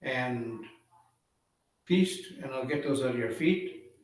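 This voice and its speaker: A man's voice: mid-range voice, animated, slow pace. A man doing Raven, a sly coaxing trickster. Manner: coaxing, wheedling, overly friendly. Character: sly smooth-talking male trickster raven. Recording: echoey room, far from mic.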